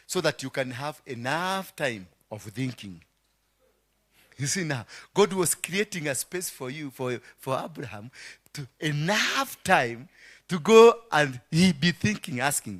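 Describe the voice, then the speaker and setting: A Kenyan man preaching a sermon, dramatic, swinging between hushed asides and shouts, dropping into Swahili phrases. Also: a little high, sing-song, normal speed. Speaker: apostle preaching.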